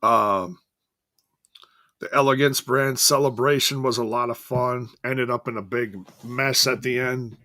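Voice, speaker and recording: A man's voice: mid-range voice, steady tone, a little slow, sharp tone, no room sound, studio quality. A man hosting a casual solo wrestling review, rambling and correcting himself as he goes, chuckling now and then.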